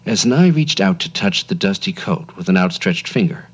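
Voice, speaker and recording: A man narrating a radio story in a measured, expressive manner. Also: deep voice, slightly rough. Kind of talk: scripted narration.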